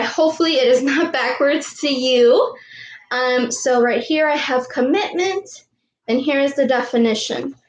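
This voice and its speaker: High-voiced woman coach counting slowly. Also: a little hiss or hum. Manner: counts aloud, upbeat, talks of herself in third person. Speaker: youth sports coach. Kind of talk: online warm-up and lesson. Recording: echoey room.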